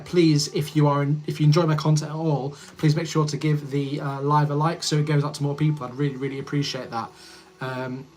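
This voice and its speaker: A man in his thirties from Yorkshire, England, hosts a casual livestream, reading comments and rambling in a friendly way while he edits, easily distracted. His voice is a little high, with slight background noise.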